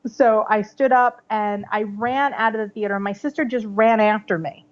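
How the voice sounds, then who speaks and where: A woman in her thirties, a podcast guest telling a personal story in a chatty, animated way, full of "like" and "you know". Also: medium pitch, moderate pace. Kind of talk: casual storytelling interview. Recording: slightly dull podcast audio.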